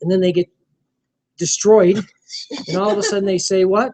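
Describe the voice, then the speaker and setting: A man training a small group in network marketing, animated and coaching, often acting out sales dialogue. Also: high voice, moderate pace, rough recording.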